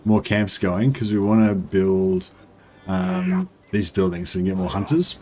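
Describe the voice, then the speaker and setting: A man's voice: deep voice, level tone, measured pace, a little mellow, faint music behind. A man giving casual, rambling commentary as he plays a strategy game, with frequent ums and restarts. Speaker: gaming streamer.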